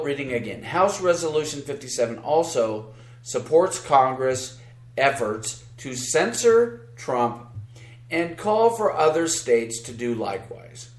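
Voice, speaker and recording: A man's voice: a little high, echoey room. A man co-hosting a podcast, giving sarcastic, combative political commentary and reading news aloud with asides. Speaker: podcast co-host.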